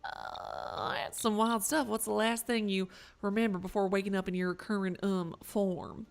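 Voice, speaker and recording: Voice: medium pitch, level tone, moderate pace, vocal fry, slight background noise, lightly acted. A game character voice playing a friendly northern woodsman, folksy and curious, tagging lines with 'eh'.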